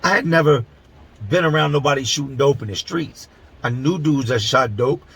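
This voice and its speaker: A middle-aged channel host from Philadelphia talks to camera about prison in crude, blunt street talk, drawing words out to stress them. At normal speed his medium-pitched voice sounds creaky, husky and a bit bright, on a rough recording.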